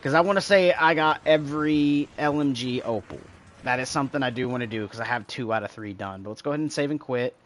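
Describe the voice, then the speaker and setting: A man's voice: medium pitch, quick pace, a bit bright. A man streaming a shooter game, chatting casually to his viewers and imitating game sounds as he explains. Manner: rambling, talks to chat, imitates sounds. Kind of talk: casual gameplay commentary.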